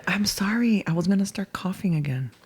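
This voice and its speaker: A woman with a mid-pitched, very lively voice, chatting casually as a podcast co-host. She laughs often and sets her partner straight in an animated way. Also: fairly quick, husky. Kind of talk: casual chat.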